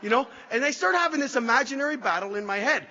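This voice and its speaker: Man, high voice, self-mocking storyteller, testimony in an echoey hall, dull lo-fi sound. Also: lively intonation, fast, sharp tone, slight background noise. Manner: self-deprecating storyteller with frequent restarts. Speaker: recovery speaker sharing his story. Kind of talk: personal testimony talk. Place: hall with a live audience.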